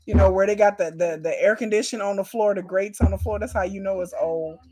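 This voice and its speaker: A woman's voice: medium pitch, steady tone, quick pace, mellow, faint music behind. Outspoken woman reacting. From Texas. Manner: outspoken, emphatic, slangy. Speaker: reaction video host. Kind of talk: casual reaction commentary.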